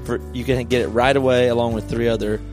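A man co-hosting a podcast in casual chat, making an easygoing pitch to listeners. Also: flat delivery, fast talker, a little mellow, soft background music. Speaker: podcast co-host.

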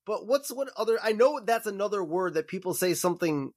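A man co-hosting a podcast, recapping a cartoon episode in casual chat with animated, storytelling delivery. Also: sits high. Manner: animated storytelling, quick asides. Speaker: podcast co-host.

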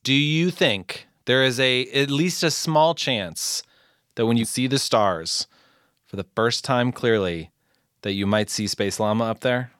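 A woman's voice: extremely low pitch, measured pace, clean tone, no room sound, clean studio sound. A woman hosting a children's podcast, chatting playfully and encouragingly with a caller. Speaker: podcast host. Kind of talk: casual chat with a caller.

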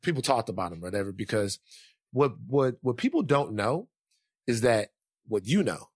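A man telling a story in casual chat, animated and acting out other people's lines in shifting voices. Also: medium pitch, moderate pace, slightly rough, dry recording, clean studio sound.

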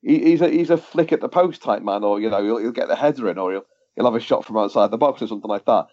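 A man co-hosting a football podcast, telling match stories in casual chat and acting out what people shouted. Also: fairly low pitch, fast talker. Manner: animated storyteller, acts out quotes. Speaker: podcast co-host. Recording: dull lo-fi podcast audio.

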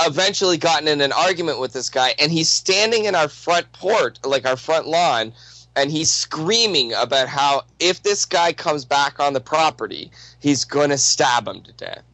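A man's voice: a little high, fairly bright tone, no room sound, rough recording. A young man casually telling a rambling, profanity-laced anecdote, full of restarts and asides.

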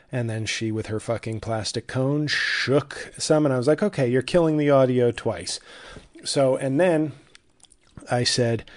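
A man hosts his own comedy podcast alone from a home studio, talking at a middle pitch. He rambles in a dry, sardonic way, swears freely and mocks himself between asides. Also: a little mellow. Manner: sardonic, profane, self-mocking rambling. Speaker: podcast host. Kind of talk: solo comedic podcast monologue.

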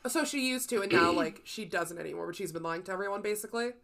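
A young woman co-hosting a casual podcast, chiming in with quick, playful reactions. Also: medium pitch, vocal fry, fairly bright tone. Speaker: podcast co-host.

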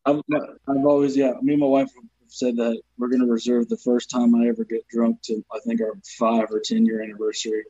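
A man's voice: medium pitch, a little fast, hardly any pauses, slightly rough, dull audio. A man with a Southern accent, a comedian guest, telling profane stories in casual podcast chat. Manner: profane, animated storytelling with acted quotes.

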